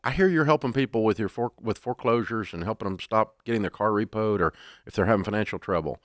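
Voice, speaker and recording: A man voicing an excited male radio show host inviting a guest back. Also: fairly low pitch, fast, no echo, studio quality, voice pushed up, natural voice. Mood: eager.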